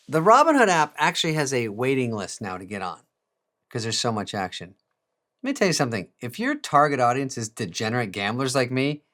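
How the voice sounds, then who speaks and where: A male comedian delivering a monologue with a sarcastic, self-mocking edge and plenty of swearing. His pitch jumps around a lot as he talks. He chuckles at his own jokes. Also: fairly bright tone. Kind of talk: comic monologue.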